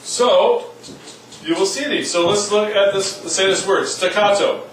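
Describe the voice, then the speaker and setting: Leading a casual music class, a man jokes and sings brief demonstration syllables in a high, fairly bright voice at a measured pace. The room echoes, the mic is at a distance, and there's faint noise.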